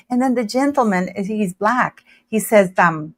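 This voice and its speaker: A woman hosting a livestream, chatting casually and emphatically, speaking loudly on purpose. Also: a little high, normal speed, few pauses, dry recording. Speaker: livestream host. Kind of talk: casual live chat commentary.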